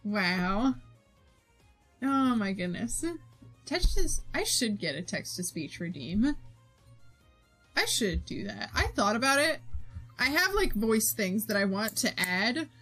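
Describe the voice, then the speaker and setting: A woman's voice: mid-range voice, big pitch swings, slow, pauses often, fairly bright tone, faint music behind. A young woman streamer chatting casually with her viewers while she draws, giggling often and reading their messages aloud. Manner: giggly, reads chat aloud, bubbly. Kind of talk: casual chat while drawing.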